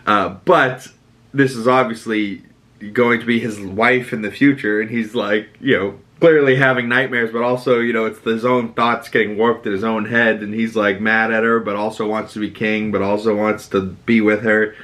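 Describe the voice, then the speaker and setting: A man with a Boston accent recapping a TV episode as a podcast host, animated and sweary, acting out characters' lines. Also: moderate pace. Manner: animated, quotes characters with dramatic pitch jumps and swearing. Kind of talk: casual recap monologue.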